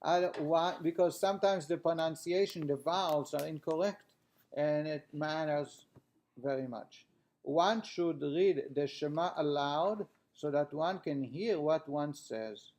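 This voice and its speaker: A man's voice: fairly high pitch, measured pace, a little mellow. A man teaching a class, reading a text aloud and then explaining it in plain words with frequent restarts.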